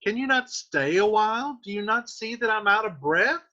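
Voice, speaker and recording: A man's voice: sits high, expressive, moderate pace, bright, forceful tone, voice pushed up. A man voicing a weary old woman nurse who complains and teases as he reads the lines aloud in a lesson. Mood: grumbling. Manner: complaining, teasing. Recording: muffled lo-fi recording.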